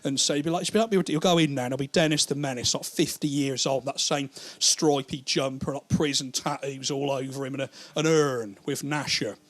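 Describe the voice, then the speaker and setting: Profane rambling stand-up comic. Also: male voice, medium pitch, steady tone, fairly bright tone. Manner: rambling, profane, acts out characters in quick put-on voices. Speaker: stand-up comedian. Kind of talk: stand-up comedy routine.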